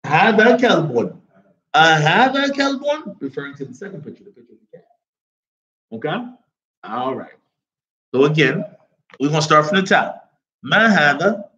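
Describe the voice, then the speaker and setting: Animated man teaching a class, dull lo-fi audio. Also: on the high side, brisk, pauses often. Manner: keeps checking the class with repeated questions; reads Arabic phrases, then explains them in English. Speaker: Arabic teacher. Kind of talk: classroom lesson.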